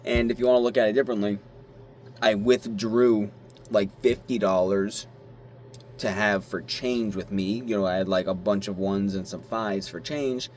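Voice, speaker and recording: A young man vlogging at his desk, telling a story in a rambling, animated way, swearing now and then and squealing when he acts out his excitement. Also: lowish voice, normal speed, slight background noise. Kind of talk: casual talk to camera.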